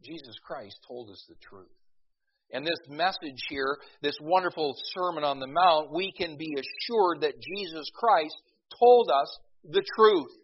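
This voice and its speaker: A middle-aged pastor preaching a sermon in a folksy, storytelling way, with many restarts and emphatic peaks. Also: male voice, on the high side, lively intonation, measured pace, slight background noise. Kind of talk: sermon with a humorous opening story. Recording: dull lo-fi recording.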